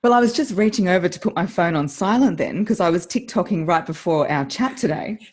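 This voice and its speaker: An Australian woman who works as a voice coach is a guest in a casual interview chat, telling her story animatedly and laughing frequently. Her voice sits on the low side, and she talks briskly.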